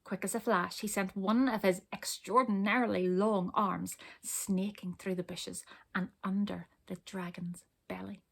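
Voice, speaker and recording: A woman's voice: medium pitch, measured pace, creaky, slightly rough. Woman reading a storybook aloud expressively. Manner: expressive, asks the listeners questions.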